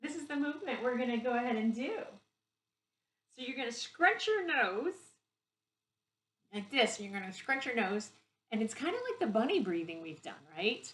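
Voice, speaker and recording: A middle-aged woman, a pre-k teacher, gently guiding young children through yoga poses on video in an encouraging, sing-song way. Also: a little high, very animated, moderate pace. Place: home room recorded on camera. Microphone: camera mic from a distance. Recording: echoey room, far from the mic.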